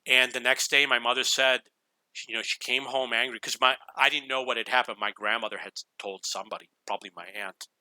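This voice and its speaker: A man's voice: mid-range voice, fairly even intonation, a little fast, sharp tone, no echo. A man telling a rambling personal story in a casual way over gameplay, chuckling now and then. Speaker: gaming YouTuber.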